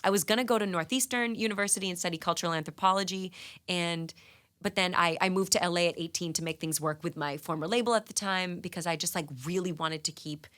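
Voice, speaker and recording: A woman in her thirties with a bright, forward voice tells stories as a guest. She is from New England and is animated, laughing often and filling her talk with "like". She speaks into a studio microphone in a radio studio. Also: on the low side, fast talker. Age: 30s. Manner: animated, laughing, lots of "like" fillers. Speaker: guest singer. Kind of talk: casual interview storytelling.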